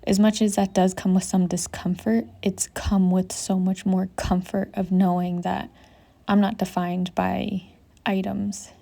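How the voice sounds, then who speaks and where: A young woman vlogging outdoors on a mountain trip. She talks in a soft, reflective and emotional way, saying "like" constantly and sometimes dropping into a whisper. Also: fairly low pitch, creaky. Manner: soft, emotional, heavy use of "like", drifting into whispers. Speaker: travel vlogger. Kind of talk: reflective casual vlog talk.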